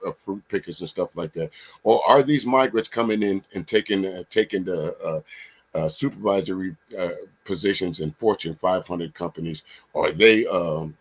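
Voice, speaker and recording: A man hosting a comedic livestream panel, asking long winding questions with many fillers and restarts. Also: low voice. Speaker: livestream host. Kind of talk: casual comedic panel chat.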